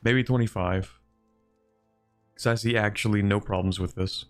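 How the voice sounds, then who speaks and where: A man streaming a strategy game live, talking to chat and bargaining aloud with computer opponents in an animated, joking way. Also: on the low side, normal speed. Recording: faint music behind.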